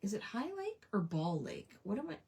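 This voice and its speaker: A woman's voice: mid-range voice, big pitch swings, moderate pace, a little mellow, breathy edge. A woman hosting a casual livestream crafting chat, talking with friends and muttering to herself as she works. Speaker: craft show host.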